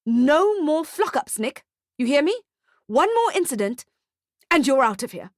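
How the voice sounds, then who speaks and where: A woman's voice: high-pitched, sing-song, a little slow, no echo, clean studio sound, pitched above the performer's own voice. A woman voicing a weary male boss who scolds firmly in an audiobook. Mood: stern. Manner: firm, scolding.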